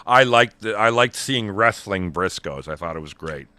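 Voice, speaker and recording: A man's voice: on the low side, lively intonation, moderate pace, sharp tone, dry recording. A middle-aged man co-hosting a podcast, chatting casually and enthusiastically about a wrestling show. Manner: enthusiastic, retells promos in quoted voices. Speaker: podcast co-host. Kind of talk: casual wrestling review chat.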